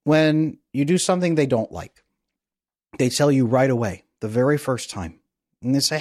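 Playful energetic man coaching on a podcast. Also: medium pitch, moderate pace, no room sound, clean studio sound. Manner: energetic, playful, guides listener through an exercise. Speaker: podcast guest, attachment coach. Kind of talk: conversational interview.

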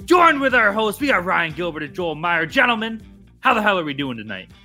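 A man hosting a casual sports betting podcast, telling animated, profane stories. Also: high voice, fairly quick, faint music behind. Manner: profane, animated storytelling rants. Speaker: podcast host.

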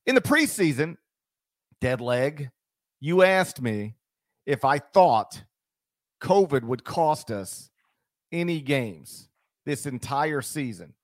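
A man's voice: mid-range voice, very animated, slow pace, pauses often, dry recording. A man hosting a sports podcast, talking casually and animatedly with frequent ums. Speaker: podcast host.

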